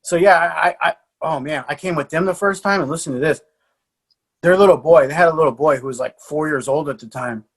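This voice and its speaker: A man's voice: a little high, a little fast. A middle-aged American man, a jiu-jitsu coach, telling stories casually as a podcast guest, swearing freely and laughing often. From USA. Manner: animated storyteller, swears, frequent restarts and laughs. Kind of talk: casual storytelling.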